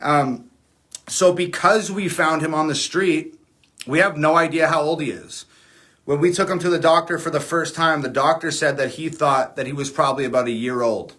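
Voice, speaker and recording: A man's voice: fairly high pitch, steady tone, moderate pace, fairly bright tone. A man chatting casually on a livestream, rambling and candid with frequent fillers and the odd curse word. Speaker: livestream host.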